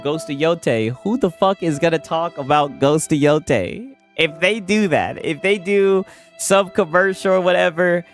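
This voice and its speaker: A man's voice: a little high, normal speed, soft background music. A man reacting to a clip in casual commentary, mocking and sarcastic, with plenty of swearing. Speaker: reaction streamer.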